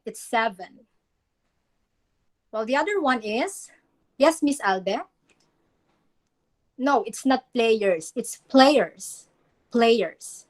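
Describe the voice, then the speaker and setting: A woman's voice: fairly high pitch, fairly bright tone. Woman teacher modeling word pronunciation. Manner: instructive, repeats words to model pronunciation. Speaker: English teacher. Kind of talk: classroom lesson on poem reading and pronunciation.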